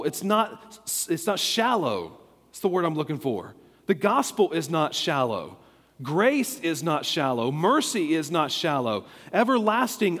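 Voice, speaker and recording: A man's voice: fairly high pitch, in a large hall. A man preaching a sermon as pastor, earnest and emphatic, repeating words for stress.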